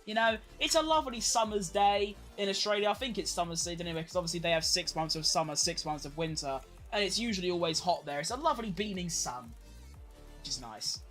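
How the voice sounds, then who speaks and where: A young streamer talks through a race watch-along in a loose, rambling way, throwing in casual swears. The voice sits at a middling pitch for its kind, and faint music plays quietly underneath. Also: fast talker.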